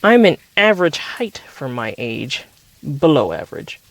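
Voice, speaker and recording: A man voicing a spirited, defensive teenage girl in a read-aloud story, pitching his voice up for her. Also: very animated, unhurried, vocal fry, no echo. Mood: protesting.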